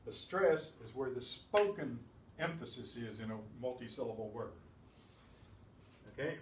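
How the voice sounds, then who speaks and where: Slow-talking man teaching a class, echoey room. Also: medium pitch, animated, a little hiss or hum. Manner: slow, methodical explaining with chatty asides. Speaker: Spanish teacher. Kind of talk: classroom lesson. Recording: echoey room, distant mic, faint ambience.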